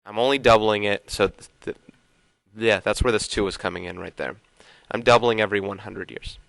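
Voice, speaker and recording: A man's voice: lowish voice, brisk, vocal fry, fairly bright tone, no room sound, poor audio. A man teaching a casual video math lesson, thinking aloud and sometimes trailing off into mutters.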